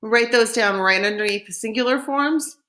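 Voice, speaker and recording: Woman teaching french, slow and clear. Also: on the high side, pushed and bright. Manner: slow, clear modeling of French phrases for repetition. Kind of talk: recorded language lesson.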